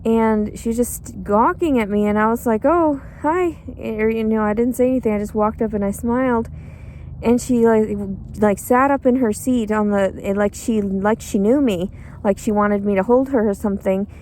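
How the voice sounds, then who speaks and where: A woman's voice: fairly high pitch, fairly even intonation, normal speed, darkish tone, slight background noise. A tired, cranky woman rambling in a bitter, crude, profane monologue outdoors. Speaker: pregnant homeless woman.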